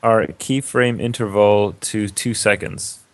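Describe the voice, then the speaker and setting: A man's voice: fairly low pitch, fairly even intonation, slow. A British man co-hosting a game livestream, modest and hesitant, laughing often. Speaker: stream co-host. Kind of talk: casual livestream chat.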